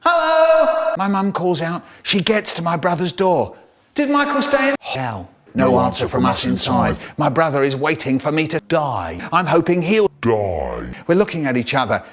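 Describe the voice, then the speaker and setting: A man telling a comic story about his childhood in a lively, vivid way. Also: fairly high pitch, moderate pace. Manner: lively, vivid storyteller who acts out the scenes. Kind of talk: comic childhood storytelling, chopped by remix edits.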